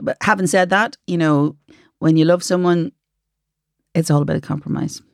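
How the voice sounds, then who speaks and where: A woman's voice: low-pitched, fairly even intonation, moderate pace, gravelly, dry recording. Chatty Irish woman, dry close mic. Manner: chatty, laughing, reads listener letters aloud. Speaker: podcast co-host. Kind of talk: casual chat.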